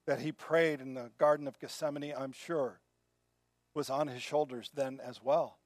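A man preaching a sermon in an earnest way, often dropping to a soft, quiet voice. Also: mid-range voice, steady tone, moderate pace, no echo, clean studio sound. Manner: earnest, drops to soft quiet tones when moved. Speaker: pastor.

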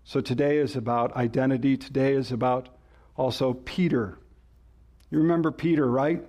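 A man's voice: mid-range voice, steady tone, moderate pace, dark tone. A male pastor preaching a sermon, rising and falling sharply for emphasis and asking the congregation questions.

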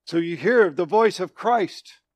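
A male pastor delivers a sermon in a high voice with an unhurried pace. He swings from loud proclamations to quiet, low phrases and keeps repeating his words for weight. The sound is close and dry, with no room echo. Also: lively intonation. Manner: emphatic preaching that swings between loud declarations and hushed, low phrases; repeats and restates phrases for emphasis.

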